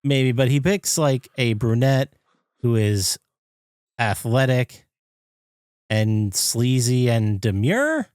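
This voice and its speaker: A man co-hosting a podcast, retelling a movie scene by scene and jumping into high, excited impressions of the characters. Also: takes it slowly, long pauses, clear, resonant tone, no room sound, clean studio sound. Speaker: podcast co-host. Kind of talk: casual movie recap chat.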